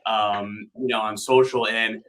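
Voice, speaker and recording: A man with a low, bright, forceful voice answers as a guest in an interview. He speaks earnestly and with warm appreciation. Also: steady tone, unhurried. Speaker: guest, wrestling commentator. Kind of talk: casual interview.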